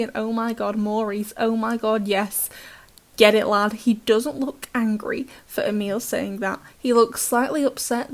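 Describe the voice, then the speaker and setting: A British woman recapping a cartoon episode in chatty, sarcastic commentary, laughing often. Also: a little high. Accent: British English. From Britain.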